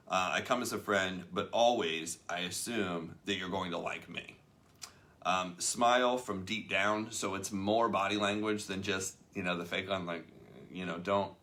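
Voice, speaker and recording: A man's voice: low-pitched, pushed and bright. A man hosting a casual talk show, telling a story and acting out the people in it. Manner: chatty storyteller acting out quoted voices. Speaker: host. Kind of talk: casual chat about a leadership book.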